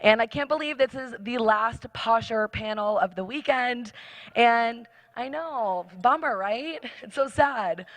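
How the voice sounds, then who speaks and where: Woman event co-host, hoarse from the weekend, enthusiastic, dry close sound. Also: on the high side, a little slow, fairly bright tone, no echo. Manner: bubbly and enthusiastic. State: losing her voice. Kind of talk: stage introduction.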